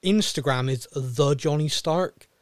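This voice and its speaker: A man's voice: on the high side, a little slow, no echo, studio quality. A man hosting a podcast in casual chat, who laughs often and stumbles on repeated words as he starts a thought. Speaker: podcast host.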